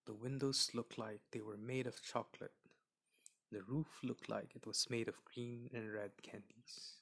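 A man reading a children's fairy tale aloud in an expressive, gentle way. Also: mid-range voice, measured pace, gravelly, husky. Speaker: storyteller.

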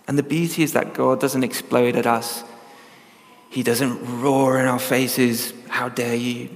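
A man's voice: mid-range voice, fairly even intonation, unhurried, big-room sound. A man preaching a sermon in an earnest, conversational teaching manner with frequent ums.

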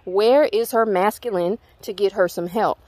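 A woman's voice: medium pitch, moderate pace, darkish tone, no room sound. Profane Southern woman ranting. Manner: profane, blunt, emphatic. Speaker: spiritual channel host. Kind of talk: heated rant to viewers.

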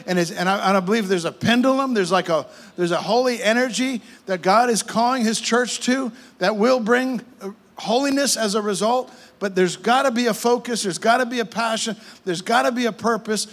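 A male pastor, preaching a fervent sermon with repeated phrases and quick restarts. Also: high voice, a bit bright.

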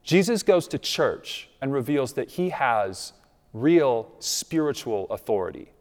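A man's voice: a little high, a little mellow, big-room sound. A man preaching a sermon as a pastor, conversational and emphatic, with asides to his listeners.

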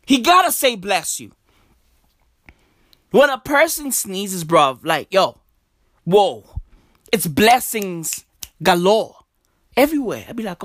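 A woman doing a profane, slang-filled comedic rant, repeating her catchphrases and slipping into soft mock-polite asides. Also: mid-range voice, very animated, slow, long pauses, no room sound, clean studio sound.

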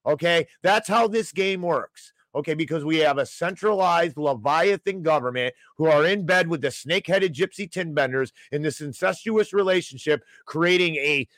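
A man's voice: fairly high pitch, moderate pace, few pauses, no echo. A man hosting an opinionated financial news show, reading headlines aloud and ranting sarcastically about them. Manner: ranting, sarcastic, rises loud when angry.

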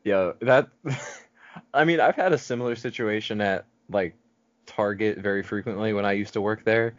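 A man's voice: fairly low pitch, moderate pace, dry recording. A man hosting a casual podcast, asking questions and teasing his co-hosts. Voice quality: playful, teasing. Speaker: podcast host. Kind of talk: casual chat. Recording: dull lo-fi podcast audio.

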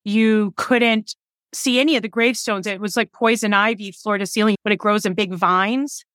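Here the same kind of guest, a woman in her forties running a cemetery preservation business, tells casual interview stories with frequent laughter and acted-out dialogue. Her mid-range voice is steady and a bit bright at a moderate pace, captured in studio quality without echo.

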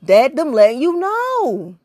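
Blunt preachy woman with a higher voice. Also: slow, no echo, studio quality. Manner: blunt, preachy, swears freely, asks rhetorical questions; animated, big jumps in pitch. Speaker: vlogger giving spiritual advice. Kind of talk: casual spiritual monologue.

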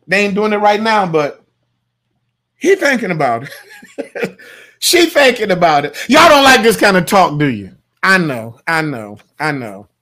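With a high voice, a male pastor preaches in a down-home, talky manner that repeats itself often. Quiet side remarks give way to loud shouts, and he laughs at his own jokes.

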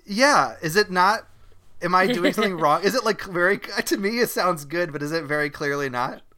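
A man's voice: sits high, expressive, normal speed, bright, forceful tone. A man with an Australian accent hosting a podcast, rambling earnestly in casual comedy chat. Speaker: podcast host.

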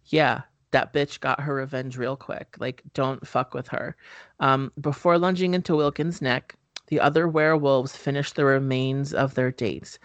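A man in the middle of a chatty recap, talking loosely with plenty of ums and casual swearing. His voice sits at an ordinary pitch. The sound is dry and close, with no room around it. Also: fairly even intonation, measured pace, fairly bright tone, dry recording. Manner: rambling, filler-heavy, swears casually. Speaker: podcast host. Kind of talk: casual movie recap chat.

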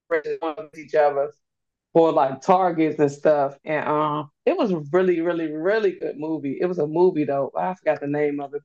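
A young woman, a guest on a casual podcast, telling stories in an animated, slangy way. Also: low-pitched. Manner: animated storyteller, slangy, laughs often. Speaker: guest, host's niece. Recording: dull lo-fi recording.

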